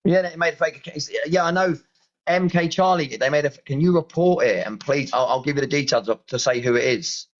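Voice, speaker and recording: Here a UK man with a British accent chats on a live stream, fairly quick and on the high side, sounding pleading and exasperated as he keeps repeating himself. The highs in the recording are cut off.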